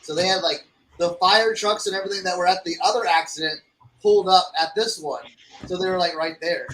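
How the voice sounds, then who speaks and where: A man's voice: high-pitched, fairly quick, fairly bright tone, slight background noise, rough recording. A middle-aged man casually recounting a story on a podcast, rambling with lots of fillers and restarts. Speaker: podcast co-host.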